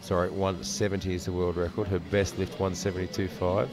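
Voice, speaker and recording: A man's voice: sits low, level tone, fairly quick, over music. A man doing live sports commentary from a commentary box, announcing each lifter's name, country and weight before adding his analysis. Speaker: powerlifting commentator. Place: commentary box at a competition venue. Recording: crowd noise at a live event.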